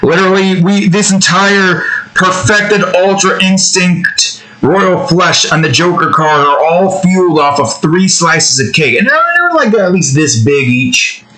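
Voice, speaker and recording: A man's voice: sits high, a little slow, sharp tone, low-quality recording. A man hosting his own channel, chatting casually and rambling in a jokey, profane way full of fillers. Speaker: channel host. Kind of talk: casual rambling chat while drawing.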